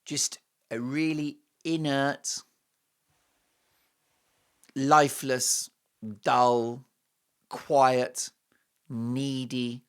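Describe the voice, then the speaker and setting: A man's voice: medium pitch, very slow, long pauses, clean tone. A man with an English accent, hosting a commentary show and telling a story with playful asides. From England. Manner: animated and playful, with mocking asides and quoted voices. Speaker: show host.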